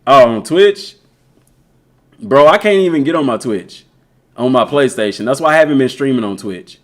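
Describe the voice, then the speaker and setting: Animated man streaming with a worn voice. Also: mid-range voice, normal speed. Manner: animated, slangy, reads chat aloud. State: voice a bit worn. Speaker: gaming live streamer. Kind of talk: casual live-stream chat.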